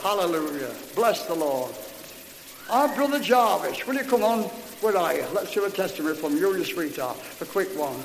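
A man's voice: sits high, animated, moderate pace, vocal fry. Exuberant man leading a hall meeting. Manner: exuberant, calls out praises. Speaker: meeting leader. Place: large hall. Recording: echoey hall, crowd and hiss.

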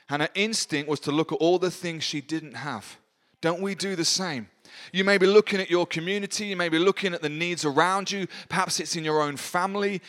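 An earnest man delivers a sermon during a church service, encouraging his listeners. His voice sits a little high for a man. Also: normal speed, a bit bright. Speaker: preacher.

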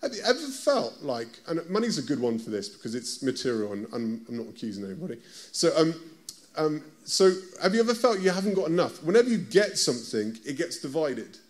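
A man with a British accent gives a conversational sermon at a fairly quick pace, his voice on the high side and sing-song. Again and again he pauses to ask the people listening direct questions.

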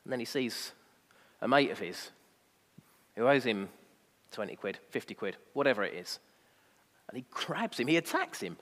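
A man's voice: mid-range voice, sing-song, moderate pace, pauses often, fairly bright tone, in a large hall. A man preaching a sermon, emphatic and fond of rhetorical asides.

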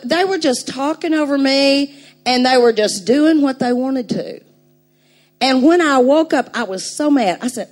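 An older woman preaching a sermon, telling a story with animated emphasis and laughing now and then. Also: high voice.

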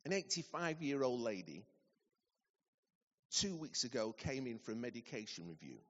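A man giving a sermon, telling a story with lively acted-out dialogue. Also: medium pitch, moderate pace, long pauses. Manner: animated storytelling, acting out dialogue. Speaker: preacher. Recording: dull recording in a large reverberant hall.

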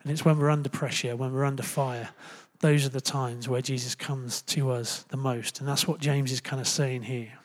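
A young man preaching a relaxed, conversational sermon, chatty and joking, with lots of fillers and quick self-corrections. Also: mid-range voice. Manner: animated, jumps into loud playful asides.

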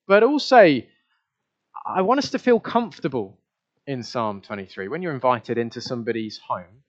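A man preaching a sermon in a conversational way, asking the congregation questions and sometimes repeating his words. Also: on the high side. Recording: dull lo-fi recording.

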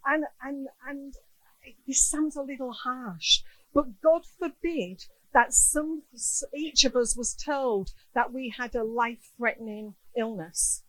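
A woman's voice: high-pitched, slow, no room sound, rough recording. A middle-aged woman preaching a sermon, earnest and emotional, acting out the people she quotes. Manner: earnest, emotional, quotes others in lively voices. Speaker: guest speaker.

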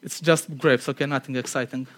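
A man preaching a conversational sermon. He is earnest and chatty, laughs at himself, and drops to a quiet tone for emphasis. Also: medium pitch, fairly even intonation, fairly quick.

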